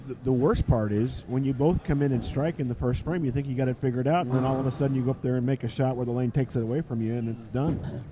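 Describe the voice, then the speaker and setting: A man's voice: medium pitch, quick pace. Dry-humored male bowling commentator. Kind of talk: live sports commentary. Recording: dull broadcast audio with noise.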